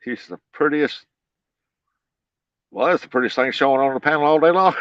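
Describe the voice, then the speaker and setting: A man's voice: fairly high pitch, normal speed, fairly bright tone, smooth, no room sound. A man, chatting casually with livestream viewers while fishing outdoors by a flooded river levee, folksy and laid-back with frequent chuckles. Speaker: livestream host. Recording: dull lo-fi, dry.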